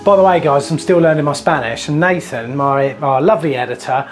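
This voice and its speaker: A man's voice: a little high, fairly quick, over music. A man, a plumber and channel host, chatting casually and jokily to viewers while he works in a house. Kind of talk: casual DIY vlog chat. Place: house interior and loft.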